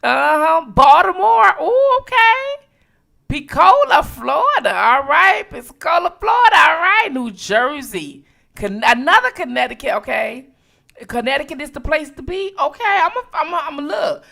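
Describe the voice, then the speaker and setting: A woman from Detroit hosting a late-night livestream, chatting casually with viewers and reacting quickly to each comment. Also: sits high, gravelly. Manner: animated, reads out viewer locations with quick reactions. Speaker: livestream host.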